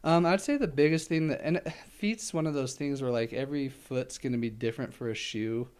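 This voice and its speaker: Chatting casually as an interview guest, this ultramarathon runner rambles with many fillers, laughs readily, and sounds slightly winded. He speaks briskly in a mid-range voice that is clean and a little mellow.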